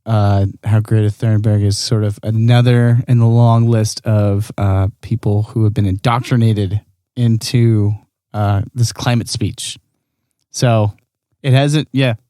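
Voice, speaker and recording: A man co-hosting a podcast in casual chat, measured and agreeable. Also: on the low side, fairly even intonation, dark tone, clean tone, no echo, clean studio sound. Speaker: podcast co-host.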